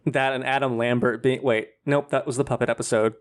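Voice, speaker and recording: A man's voice: medium pitch, steady tone, brisk. A man co-hosting a podcast in casual chat, rambling and snarky with lots of filler words. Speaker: podcast co-host.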